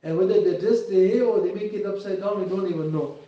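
With a fast, high voice, a man preaches an earnest, pleading sermon that includes English, his emotion rising and falling. It was recorded from a distance in a mosque hall, sounding echoey, dull and lo-fi.

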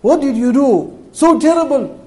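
A man's voice: very high-pitched, lively intonation, normal speed, darkish tone, pitched above the performer's own voice. A man voicing a shaken young man. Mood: distressed.

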